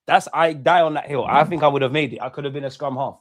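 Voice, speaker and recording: A man's voice: fairly high pitch, fast talker, no room sound, studio quality. Chatty man streaming live. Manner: chatty slang-heavy banter, shouting out viewers. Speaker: football watch-along streamer. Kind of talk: live reaction chat.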